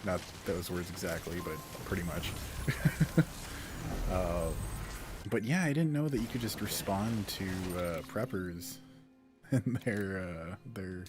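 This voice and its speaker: A man's voice: low-pitched, expressive, slow. A man streaming a game, chatting casually and rambling, swearing and laughing now and then, over game music. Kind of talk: casual gameplay commentary.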